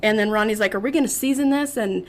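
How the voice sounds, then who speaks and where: A woman's voice: medium pitch, fast talker, a little hiss or hum. A woman in her fifties, a podcast guest telling a funny story and acting out other people's lines. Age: 50s. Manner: animated storyteller, acts out others' lines, laughs often. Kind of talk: casual storytelling.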